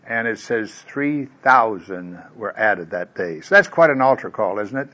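A man preaching a conversational sermon, lively, with folksy asides and filler words, acting out the quoted voices in his stories. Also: fairly low pitch, a little slow. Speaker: pastor.

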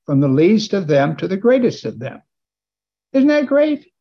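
A man preaching a sermon in a church, animated and building to exclamations and calls for amens. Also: high-pitched, moderate pace, muffled recording.

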